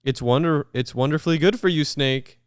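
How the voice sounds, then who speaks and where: A man's voice: a little high, a little fast, clear, resonant tone, no echo, clean studio sound, voice pushed up, close to an everyday voice. A man voicing a small, clever brown mouse that politely turns down predators while reading a children's picture book aloud. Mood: breezy. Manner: polite, breezy refusals.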